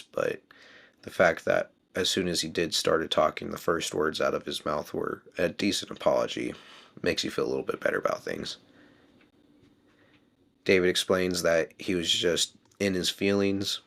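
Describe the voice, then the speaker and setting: Low gravelly man recapping a book. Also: fairly bright tone. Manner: musing, thinks aloud with questions. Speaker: book discussion host. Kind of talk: casual chapter recap and commentary.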